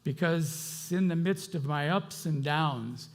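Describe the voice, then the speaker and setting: A middle-aged male pastor preaching with a gravelly, slightly raised voice. He talks to the congregation in a conversational way. His delivery swings between fervent bursts and hushed asides. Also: a little high, slow. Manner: impassioned, conversational, swings between loud outbursts and quiet asides. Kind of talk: sermon.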